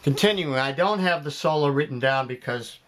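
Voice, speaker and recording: A man's voice: on the high side, moderate pace. A man giving a jazz piano lesson, explaining phrasing step by step and counting beats aloud. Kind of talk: spoken music lesson. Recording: loud piano playing behind the voice.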